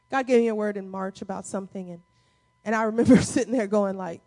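A woman pastor delivers a sermon in a loose, conversational way. She acts out quotes and reactions as she talks, and her voice sits slightly high. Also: animated, normal speed, a little mellow. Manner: conversational preaching with acted-out quotes.

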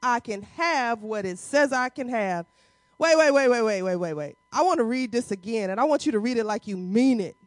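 A middle-aged woman pastor preaching a rousing call-and-response sermon in a church, swinging between loud exhortation and soft, intimate asides. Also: fairly high pitch, expressive, normal speed, no echo. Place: church sanctuary.

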